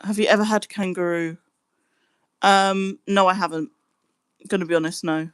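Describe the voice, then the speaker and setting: A woman's voice: on the low side, steady tone, normal speed, clear, resonant tone, no echo. Chatty woman streaming live. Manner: chatty, giggly, breaks into laughing fits. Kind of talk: casual live-stream chat.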